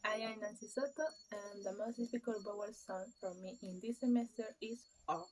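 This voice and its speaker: A young woman student presenting her class project in a halting, hesitant way with fillers. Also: medium pitch, fairly even intonation, background noise. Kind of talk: read-aloud class presentation.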